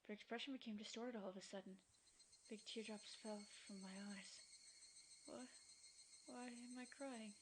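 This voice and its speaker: A woman's voice: mid-range voice, slight background noise, close to an everyday voice, low-quality recording. A woman voicing a young teenage boy in a visual novel fan dub, turning from accusing to remorseful. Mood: confused, hurt. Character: boy, young teen, bitter and anguished.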